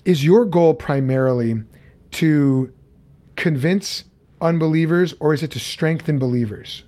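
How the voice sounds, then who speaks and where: A man's voice: fairly high pitch, measured pace, mellow. A man hosting a casual interview over a video call, talking with many fillers and restarts. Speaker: interview host.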